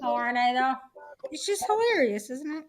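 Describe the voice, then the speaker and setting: Tipsy woman, high and bouncy voice, rowdy and profane, calling in over a video chat with voices behind. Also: lively intonation, crowd noise. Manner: loud, giddy and swearing, drawn-out declarations. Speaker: panel guest. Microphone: video call.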